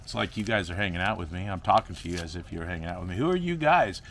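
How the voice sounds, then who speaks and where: A man's voice: deep voice, fairly even intonation, racing, creaky, fairly bright tone, a little hiss or hum. A young man rambling goofily to himself and his viewers while repotting plants in a casual vlog. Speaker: plant grower vlogger.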